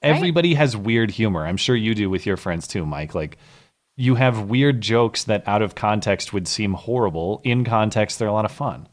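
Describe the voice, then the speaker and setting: A man's voice: on the low side, animated, moderate pace. A man hosting a live call-in show, chatting casually with callers and making sarcastic asides. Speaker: show host.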